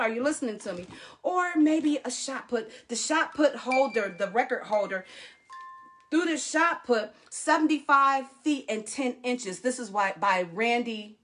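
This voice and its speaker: High-voiced woman pastor preaching animatedly. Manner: animated preaching, calls out to the congregation, acts out voices. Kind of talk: sermon.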